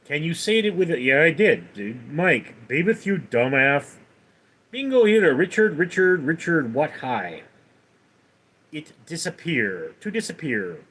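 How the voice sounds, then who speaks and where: A man hosts a casual livestream, reading viewers' questions from the chat aloud and answering them. He talks slowly, and his fairly high voice swings widely in pitch. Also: very animated, fairly bright tone, husky. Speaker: livestream host.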